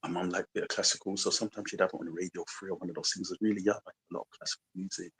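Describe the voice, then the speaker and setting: Deep gravelly London man with an American twang. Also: flat delivery, rapid-fire, a bit bright, poor audio. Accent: London with a slight American twang. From London, England. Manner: reflective, rambling, full of "you know" and "like". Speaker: musician guest. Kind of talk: casual radio interview chat.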